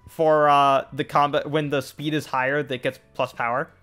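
A man's voice: a little high, level tone, moderate pace, fairly bright tone, clean tone. A young man streaming a card game, chatting casually in a rambling way with lots of fillers and restarts. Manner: rambling, many fillers and restarts, laughs easily. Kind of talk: casual gameplay chat. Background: faint game music.

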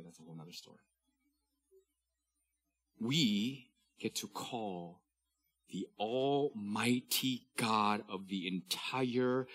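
A man in his thirties preaching a sermon as pastor, swinging from loud, declaimed scripture readings to hushed, intimate asides. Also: lowish voice, slightly rough.

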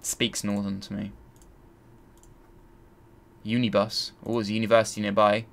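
Man, gravelly voice, lowish pitch, muttering game commentary. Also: monotone, moderate pace. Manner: thinks aloud, mutters and grumbles while searching. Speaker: gaming channel host. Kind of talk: let's play commentary.

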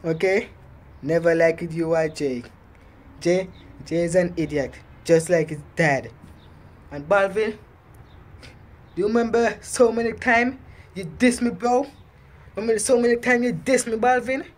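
A man's voice: high voice, a little slow, pauses often. A man rapping a diss track on his vlog and then taunting his target in boastful, repetitive jabs.

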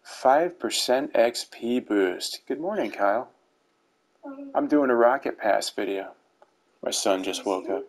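A middle-aged man, a YouTuber, chats casually over gameplay footage while reviewing game rewards, slipping in dry dad jokes. His voice sits in the mid range with lively intonation and an unhurried pace. The recording is low quality, with faint music in the background.

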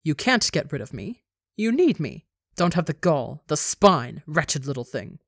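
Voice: mid-range voice, big pitch swings, unhurried, husky, no room sound, exaggerated voice. A reader voicing a cruel, possessive woman who belittles and haunts a young man, cold and hissing, in a dry close recording.

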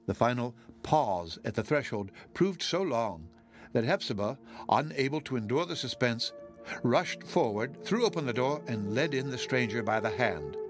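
A male audiobook narrator reading a classic novel in a measured, expressive voice, slowing down on solemn phrases. His voice sits in a middle pitch. Quiet music plays underneath. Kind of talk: scripted narration.

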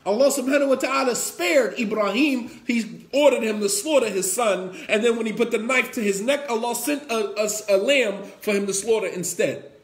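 A male preacher delivering a sermon in an emphatic, repetitive way. His voice sits high for a man. The room gives it a roomy echo. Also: normal speed. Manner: emphatic and repetitive, acts out quotes.

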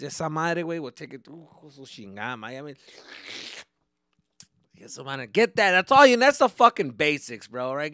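A comedy podcast host, a man of medium pitch, comes through studio-quality with no echo. His talk is loose and full of profanity, peppered with Spanish slang, and he tells lively stories, playing out the conversations himself.

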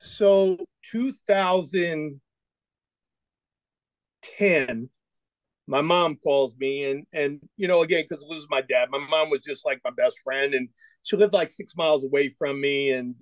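Male podcast guest in his forties, raised voice, dry close sound, lively storyteller. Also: fairly high pitch, unhurried, dry recording. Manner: animated storyteller, acts out quoted dialogue. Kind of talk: casual storytelling interview.

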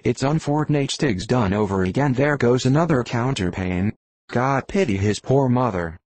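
A man voicing a bossy, practical middle-aged female innkeeper in an audiobook reading, scolding and brisk. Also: mid-range voice, expressive, a little mellow, dry recording, close to an everyday voice.

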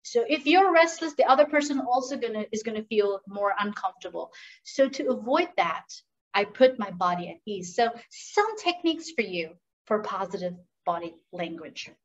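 A woman running an interactive workshop on professional communication, lively and asking the audience questions. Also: mid-range voice, normal speed, far from the mic, lo-fi sound. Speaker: communication skills trainer. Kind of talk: interactive online workshop talk.

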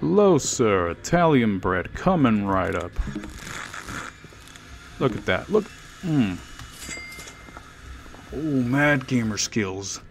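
A man's voice: medium pitch, very animated, slow, gravelly, long pauses. A man casually commenting on his own gameplay, joking and chatting to game characters and to himself. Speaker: gaming video host. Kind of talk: casual let's play commentary. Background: faint game music.

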